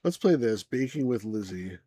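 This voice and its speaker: A man's voice: lowish voice, sing-song, normal speed, dark tone, no echo. A man hosting a casual let's play, chatting loosely and muttering asides to himself. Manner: laid-back, mumbles asides to himself. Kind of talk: casual gameplay chat.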